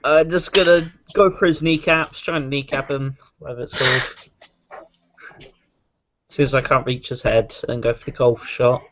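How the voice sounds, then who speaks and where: A man's voice: medium pitch, fairly even intonation, a little slow, a bit bright, a little hiss or hum. A man playing a tabletop game, eager and chatty about his moves. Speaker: player. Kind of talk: casual tabletop play. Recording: muffled lo-fi mic.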